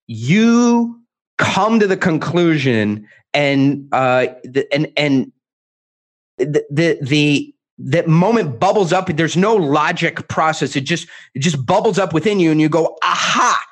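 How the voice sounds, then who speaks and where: A man speaking as a guest author in an interview, emphatic and animated, acting out quotes with many restarts. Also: fairly high pitch.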